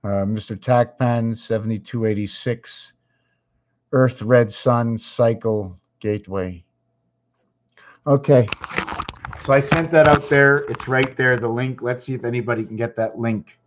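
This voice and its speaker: A channel host who is losing his voice rambles through a casual livestream-style video, distracted, thinking aloud, and repeating himself as he clicks around. He speaks at a measured pace in a mid-range voice. The recording is dull and lo-fi, with a little hiss or hum.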